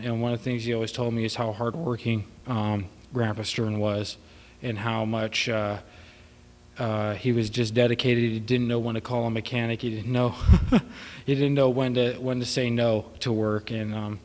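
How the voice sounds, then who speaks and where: Man giving a eulogy in a reverberant church. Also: medium pitch. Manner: rambling, tearful laughs, many fillers. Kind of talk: informal memorial speech. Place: church hall.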